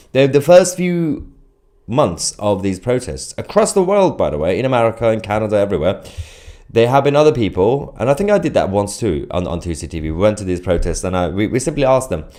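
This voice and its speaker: A man's voice: lowish voice, very animated, fairly quick, darkish tone. A man hosting a live stream, chatting casually and reading out viewer comments, with many fillers and restarts.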